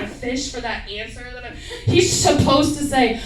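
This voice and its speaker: Woman stand-up, open mic, profane and rambling, slightly high voice, echoey distant club sound. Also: moderate pace. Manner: profane, rambling, self-mocking. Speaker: stand-up comic.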